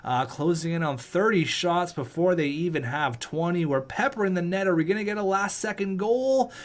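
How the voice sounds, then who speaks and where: A young man with a fairly high voice, chatting through a sports video game for his channel. He keeps it upbeat and playful, tossing jokes and asides to the viewers as the games roll by. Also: moderate pace. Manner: upbeat, joking, talks to viewers. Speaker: gaming channel host. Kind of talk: casual video game commentary.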